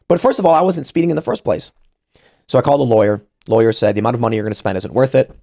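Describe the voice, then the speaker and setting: A man's voice: mid-range voice, lively intonation, rapid-fire, gravelly, mellow, dry recording, studio quality. A man in his thirties hosting a podcast, telling a story casually and animatedly, acting out the voices he quotes. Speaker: podcast host.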